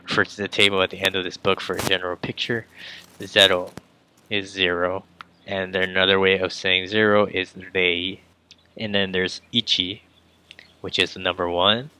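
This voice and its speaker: A man explaining Japanese phrases in a casual, chatty lesson, often calling his viewers "guys" and filling pauses with um and like. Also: low-pitched, a little hiss or hum. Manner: relaxed, filler-heavy, addresses viewers as guys. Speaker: language teacher.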